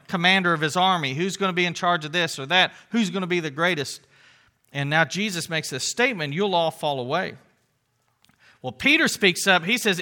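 Bright high-voiced preacher, conversational. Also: male voice. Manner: conversational, animated storytelling with asides. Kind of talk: sermon.

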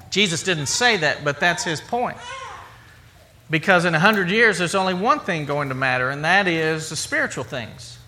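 A man's voice: on the high side, animated, moderate pace, sharp tone, slight background noise. A man preaching a sermon in a conversational way, with repetition and rhetorical questions. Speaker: pastor.

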